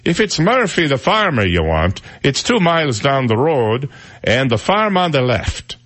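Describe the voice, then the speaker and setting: A male radio host voicing a sly Irish village bartender in a told joke, with a raised, drawn-out delivery. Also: mid-range voice, very animated, a bit bright, pitched above the performer's own voice.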